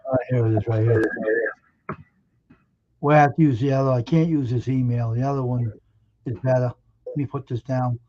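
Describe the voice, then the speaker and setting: A man's voice: medium pitch, fairly even intonation, moderate pace, long pauses, muffled recording, a little hiss or hum. A man co-hosting a livestream in easygoing, offhand casual chat.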